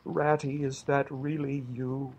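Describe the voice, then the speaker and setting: A man's voice: mid-range voice, level tone, slow pace, darkish tone, pitched above the performer's own voice. A man reading aloud and voicing a timid male mole who speaks anxiously and apologetically, worn out. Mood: frightened.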